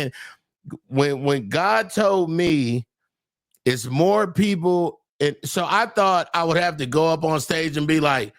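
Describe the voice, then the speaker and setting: A middle-aged man, a comedian guest, talking loud and animated, laughing through his stories. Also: fairly high pitch, slow pace, no room sound, studio quality. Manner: loud, talks over his own laughs, Southern Black church slang. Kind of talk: animated podcast chat.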